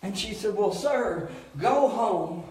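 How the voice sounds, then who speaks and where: A pastor preaching, telling a story with loud emphatic shouts and low, quiet asides. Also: male voice, expressive, slow. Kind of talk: sermon storytelling. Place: church. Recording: echoey church hall from far off.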